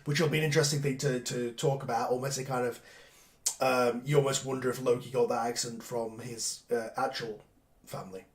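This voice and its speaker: An English man hosts a relaxed chat, his voice sitting at a middle pitch. He thinks aloud as he goes, full of fillers and little restarts. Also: a little fast. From England. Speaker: podcast host. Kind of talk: casual chat.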